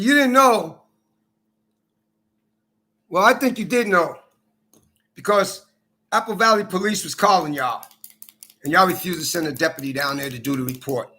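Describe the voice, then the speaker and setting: A man's voice: on the high side, pushed and bright. A man from Minnesota delivering an angry, accusing personal rant, profane and repetitive. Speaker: vlogger.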